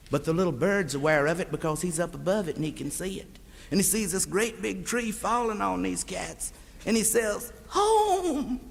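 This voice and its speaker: Captured on an echoey, hiss-laden 1960s live album, a stand-up comedian with a Southern US drawl spins a rambling, folksy monologue and addresses the audience as beloved. His voice is fairly high and a bit bright.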